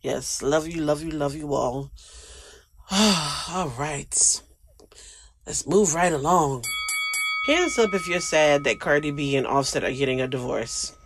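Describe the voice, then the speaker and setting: A man's voice: fairly high pitch, slow, fairly bright tone, slight background noise. Emotional rambling man hosting a podcast. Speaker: podcast host. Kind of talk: casual solo podcast chat.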